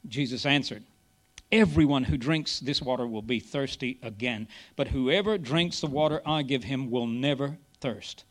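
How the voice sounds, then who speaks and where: A man preaching a sermon in an auditorium, reading scripture and telling stories with quick humorous asides. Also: medium pitch. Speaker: pastor.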